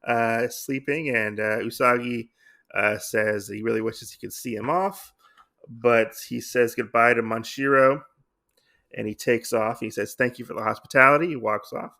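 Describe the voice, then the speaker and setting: A man hosting a podcast, recapping a comic book in a halting, rambling way full of fillers and self-corrections. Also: medium pitch, steady tone, creaky, sharp tone. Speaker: podcast host.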